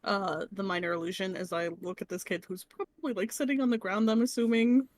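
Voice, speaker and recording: A woman's voice: medium pitch, steady tone, brisk, no room sound. A woman playing a tabletop game, talking in a casual, easygoing way. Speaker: player.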